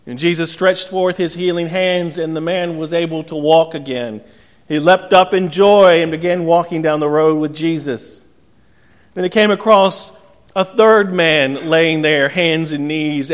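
A pastor giving an earnest sermon, telling a gentle joke along the way. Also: male voice, fairly high pitch, steady tone, a little slow. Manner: earnest preaching with gentle storytelling humor. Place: church sanctuary. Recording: long church reverb.

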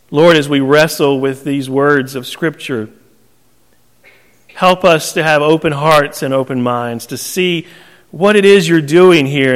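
A man's voice: mid-range voice, long reverb tail. A man from southern North Carolina with a Southern US accent, preaching a sermon with folksy jokes and frequent laughter. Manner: folksy, joking, laughs often. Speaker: pastor.

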